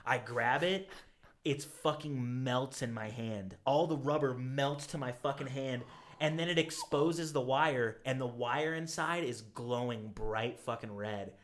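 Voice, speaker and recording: A man hosting a podcast, telling a story in casual, profane, animated talk. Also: medium pitch, measured pace. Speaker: podcast host.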